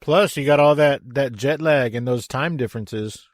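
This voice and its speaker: A man's voice: medium pitch, moderate pace. A man hosting a podcast, chatting casually and reacting to his guest. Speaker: podcast host. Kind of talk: casual interview chat.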